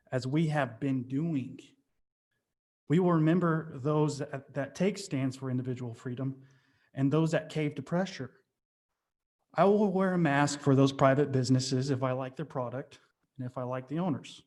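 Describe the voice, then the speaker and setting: A man's voice: medium pitch, a little mellow. A man giving a defiant public comment to a mayor and council, quoting sayings and speaking with emphatic force. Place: city council chamber.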